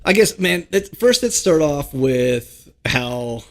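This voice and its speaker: A man in his thirties hosting a casual hunting podcast, easygoing and quick to laugh, often restarting his phrases. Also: a little high, big pitch swings. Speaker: podcast host. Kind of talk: casual podcast chat and read ads.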